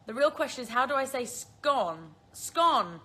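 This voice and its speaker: Her voice is high, very animated, a little slow, and pushed and bright. She's a British-accented woman in her twenties from the Isle of Man, answering viewer questions on a casual phone livestream and frequently laughing at herself.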